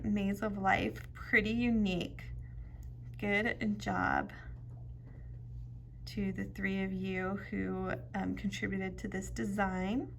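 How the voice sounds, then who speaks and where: A woman chats through a casual vlog, gushing over each piece and often sinking into a whisper. Her voice is bright with a gravelly edge, and she takes her time. A faint hiss sits behind her. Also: medium pitch. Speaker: jewelry bead reviewer. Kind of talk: casual show-and-tell vlog.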